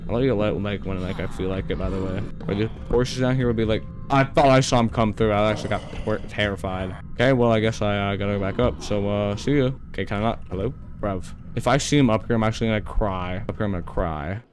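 A man's voice: fairly low pitch, slight background noise. A young man casually commenting on a horror game he plays, chatty and full of slang, talking to the creatures on screen. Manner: yelps and rushes when scared. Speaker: gaming YouTuber. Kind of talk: casual let's-play commentary.

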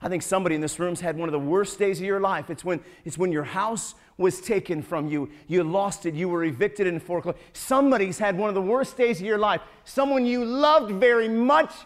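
High-voiced preacher with stammering repeats. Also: male voice, brisk, few pauses. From United States. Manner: stammering repetitions, swelling to emphatic peaks. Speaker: pastor. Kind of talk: sermon. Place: church sanctuary.

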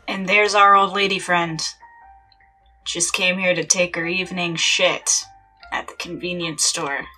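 A woman's voice: mid-range voice, pushed and bright. A young woman chatting playfully through a horror game, with exasperated asides. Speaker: gaming channel host. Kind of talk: let's play commentary. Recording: faint game music behind.

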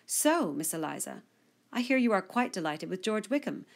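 A woman's voice: fairly low pitch, normal speed, gravelly, darkish tone, breathy edge. A woman reading the lines of a haughty society woman, who speaks with civil, condescending disdain in an audiobook. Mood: disdainful.

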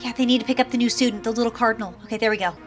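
A woman hosting a game channel, excitably commenting on a bird role-play game in first person and gasping often. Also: fairly high pitch, rapid-fire, soft background music. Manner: excitable, frequent gasps, plays a baby bird in first person. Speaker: gaming channel host.

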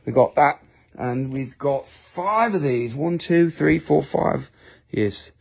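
A man hosting a live crystal sales stream in a casual, rambling, joking way, swearing freely and sometimes putting on high-pitched mock voices. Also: expressive, takes it slowly, vocal fry, a little mellow, husky.

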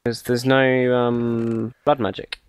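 A man co-hosts a game let's-play in relaxed, casual banter. His voice is ordinary and mid-pitched, and he keeps teasing his friend with mock insults. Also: slow pace. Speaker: co-host in a Minecraft let's-play. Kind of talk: casual gaming chat.

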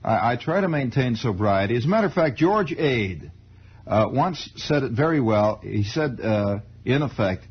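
This medium-pitched, husky man talks at normal speed as a radio host, heard through muffled 1960s broadcast audio. He spins a rambling story, cutting himself off and restarting with stammers in an animated way.

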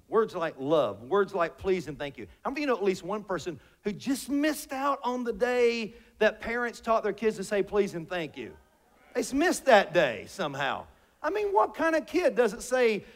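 A man preaching a sermon to his congregation, joking and asking rhetorical questions. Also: high voice. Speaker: pastor. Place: church sanctuary.

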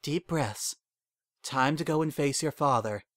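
A man voicing a refined, proud young unicorn mare in a storybook reading, high, prim and anxious. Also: a little slow, a bit bright, no room sound, clean studio sound. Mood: shaky.

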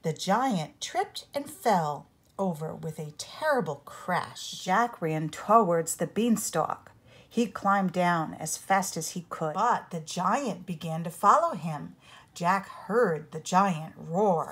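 An older woman, a grandmother, narrating a children's storybook aloud in an expressive read-along style. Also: fairly low pitch, slow, breathy edge. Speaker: storybook reader.

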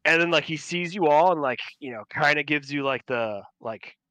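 A male game master narrates a tabletop scene in a bright, somewhat high voice, full of fillers and restarts. The recording is close and dry. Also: moderate pace, no room sound.

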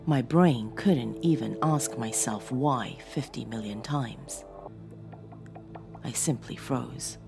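A woman with a low, gravelly voice narrates a horror story, slow and dramatic, her pitch swinging widely for effect. Faint music plays beneath her words.

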